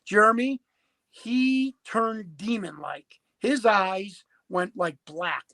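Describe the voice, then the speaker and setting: A man's voice: high voice, slow pace, sharp tone, dry recording, rough recording. A man in his fifties telling a story as a podcast guest, emphatic and prone to repeating and restarting words. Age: 50s. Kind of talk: animated storytelling.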